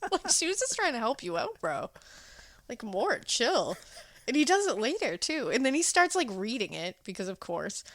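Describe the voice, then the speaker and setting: A woman co-hosting a podcast in casual chat, telling the story with animated voices and frequent laughs. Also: on the high side, moderate pace, no echo, studio quality. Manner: animated storytelling, acts out characters, laughs often. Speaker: podcast co-host.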